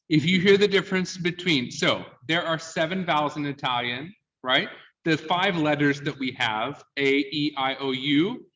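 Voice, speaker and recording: A man's voice: fairly high pitch, pushed and bright. A man coaching a class on sung diction, explaining points and quizzing the students, often checking in with "yeah?". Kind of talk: teaching a class. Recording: distant, dull lo-fi sound.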